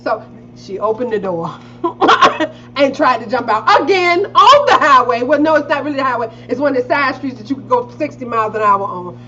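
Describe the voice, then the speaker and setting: Woman co-host, middle-aged, casual and profane, animated storyteller with a wide-ranging voice, lo-fi audio. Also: normal speed. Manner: animated, acts out quotes with big pitch jumps; casual, swears freely. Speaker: podcast co-host. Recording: slightly dull lo-fi audio with faint hiss.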